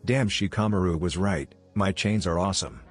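A man's voice: low voice, moderate pace, faint music behind. A man voicing a brash, cocky teenage boy ninja in a read-aloud fan story, with a teasing manner.

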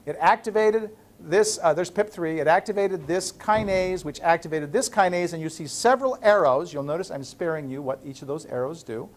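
A man lecturing in a classroom as a university professor, playful and animated, breaking up the lesson with jokes. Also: a little high, fairly quick, hardly any pauses.

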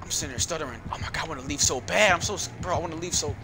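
A man giving casual live commentary over his own gameplay, excitable and easily frustrated, repeating phrases and using slang. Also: a little high, racing, noisy background. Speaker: gaming YouTuber.

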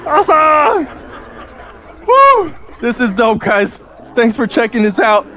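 A man hosting a live gaming stream, excitable and loud, hyping up his viewers as he plays. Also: high voice, normal speed, a faint crowd. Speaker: gaming livestream host. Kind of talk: live game commentary.

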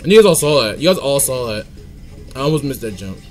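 A man's voice: mid-range voice, sing-song, fast talker, soft background music. A young man giving playful let's-play commentary, singing silly made-up tunes and scolding the game. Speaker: gaming channel host.

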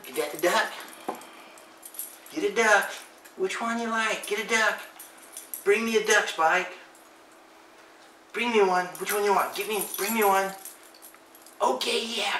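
A middle-aged vlogger at home, narrating a casual video slowly and calling to a dog in a high sing-song coaxing voice. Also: pushed and bright, a little hiss or hum. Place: indoors at home. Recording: roomy, distant home camera audio.

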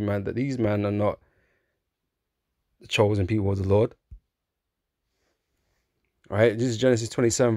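A man's voice: medium pitch, vocal fry, darkish tone, no echo, studio quality. A man giving an informal preaching monologue, talking conversationally, often asking "right?", chuckling and mocking in put-on voices. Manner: chuckles through his points, mocks in put-on voices. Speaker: religious commentator.

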